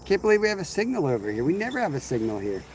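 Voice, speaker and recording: A man's voice: fairly high pitch, huge pitch swings, very fast. A man hosting a fishing livestream outdoors, rambling casually and answering viewers' chat as he fishes. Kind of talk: casual live-stream chat while fishing. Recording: outdoor insect and cricket noise.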